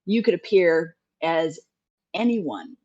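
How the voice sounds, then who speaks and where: A woman's voice: lowish voice, expressive, slow pace, a little mellow, dry recording. A woman taking part in a tabletop roleplay, talking in character in a conversational, questioning way, on a muffled, dry mic. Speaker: player.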